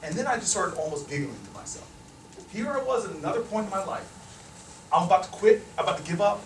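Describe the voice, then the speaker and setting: A man, a politician, telling a humorous story to a live audience, animated and acting out the voices of the people in it. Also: high-pitched, quick pace, slight background noise. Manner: animated, acts out the voices of people in his stories. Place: hall with a live, laughing audience. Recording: echoey hall, mic at a distance.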